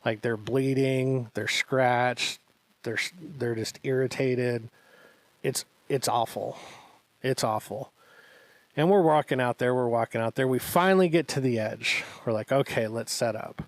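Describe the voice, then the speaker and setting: A man's voice: mid-range voice, measured pace, no room sound. Man, podcast co-host, casual storytelling, acts out quotes, mid-range voice, dry studio sound. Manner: animated anecdote-telling with acted-out quotes.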